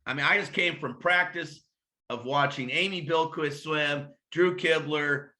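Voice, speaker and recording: A man who is a head swim coach, speaking casually in an interview and telling lively anecdotes while acting out bits of dialogue. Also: a little high, measured pace.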